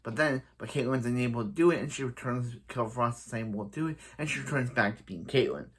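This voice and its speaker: A man's voice: medium pitch, fast, breathy edge. A man casually recapping a TV episode for his review channel, rambling with frequent restarts.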